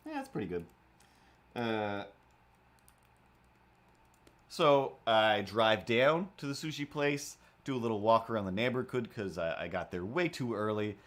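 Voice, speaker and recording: A man's voice: lowish voice, unhurried, pauses often. A man in his forties casually telling an anecdote on a livestream, acting out voices as he goes. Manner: animated, acts out voices in anecdotes. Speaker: livestream host.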